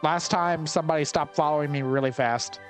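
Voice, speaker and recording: Male gameplay commentator, wry and chatty, thinks aloud, slightly high voice. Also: a little fast, soft background music.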